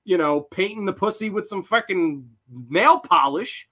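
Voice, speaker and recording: Male review host, excitable, profane, laughs easily, casual delivery. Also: high-pitched, measured pace, hardly any pauses. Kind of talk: casual unscripted movie review.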